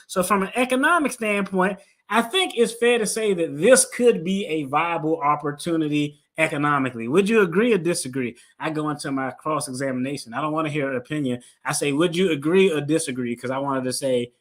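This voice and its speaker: A man's voice: a little high, a bit bright. A man hosting a finance video, telling a story in a casual, playful way and acting out his own quotes. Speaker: attorney and finance video host.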